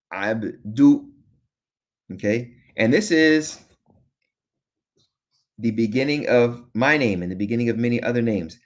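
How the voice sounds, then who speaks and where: A man teaching a beginner lesson, patient, repeating each sound slowly and checking in with "okay?" often. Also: lowish voice. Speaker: Arabic teacher.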